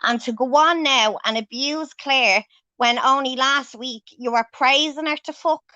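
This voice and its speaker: A high-voiced woman tears into someone on her livestream, cursing constantly and hammering her points home. Her voice is bright and sharp. The sound is close and dry, with no room around it. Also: measured pace, no room sound, muffled recording. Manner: angry, swears heavily, confrontational. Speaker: livestream host. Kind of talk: angry livestream rant.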